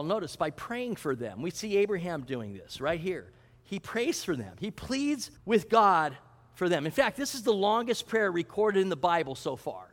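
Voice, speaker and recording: A male pastor with a high voice delivers a sermon, putting questions to his congregation. The sound carries a long reverb, like a church hall. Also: fairly bright tone. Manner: teaching, asks the congregation questions.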